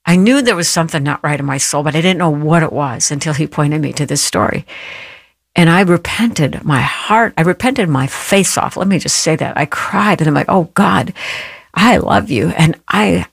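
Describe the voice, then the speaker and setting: A woman radio host gives a devotional message with a gravelly, creaky voice. She speaks earnestly and slows down to stress her points. The sound is dry and close, with no room echo. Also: low-pitched, lively intonation. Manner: earnest, emotional personal storytelling.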